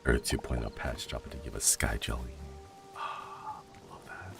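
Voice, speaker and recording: A man streaming a game from home and chatting casually. He is sleepy and yawning, and he muses dreamily with soft exclamations of delight. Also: very deep voice, lively intonation, normal speed, creaky, loud music behind the voice. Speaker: livestreamer. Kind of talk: casual gameplay commentary.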